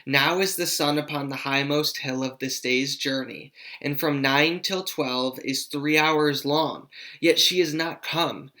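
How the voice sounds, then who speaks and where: A man's voice: on the high side, steady tone, unhurried. A man voicing Juliet, an impatient young girl, reading her lines aloud with urgent, pleading emphasis. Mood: longing. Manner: pleading, urgent, louder than usual. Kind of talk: dramatic read-aloud of a play.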